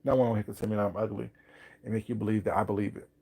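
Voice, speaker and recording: Guy with a gravelly voice running a live chat while eating, rambly, laughs a lot. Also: on the low side, level tone, racing, a little mellow. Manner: chatty, repetitive, laughs often. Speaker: livestream host.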